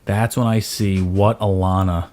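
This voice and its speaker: In an unhurried, low-pitched voice, a thirty-something podcast host chats casually through a story. He gets animated when quoting himself, acting out his own yelling.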